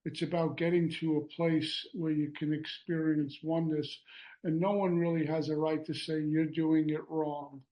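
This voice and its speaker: A man, sharing at a recovery meeting over an online call. He talks in a relaxed, rambling way with fillers and self-mocking jokes. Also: fairly high pitch, normal speed, dull audio. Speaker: guest speaker.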